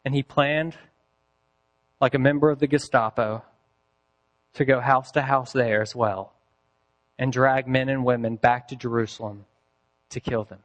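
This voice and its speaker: A man preaching a sermon, telling a story with deliberate pacing and dramatic pauses. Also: mid-range voice, steady tone. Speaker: pastor.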